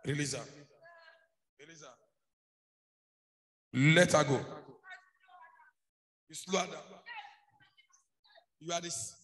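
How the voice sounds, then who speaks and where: A man with a Nigerian accent, a pastor leading a deliverance prayer session with repeated shouted commands. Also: a little high, fairly even intonation, slow, long pauses. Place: church service. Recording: roomy church hall with faint music.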